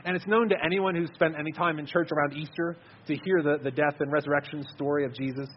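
A man's voice: a little high, steady tone, fast talker, slightly rough, lo-fi sound. A man giving an earnest, conversational sermon, repeating words as he stresses his points. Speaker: preacher.

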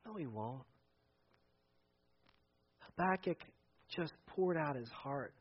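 A man preaching a sermon, animated, acting out quoted voices and swinging between loud and hushed delivery. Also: fairly high pitch, slow pace, husky. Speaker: pastor. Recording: dull lo-fi sound.

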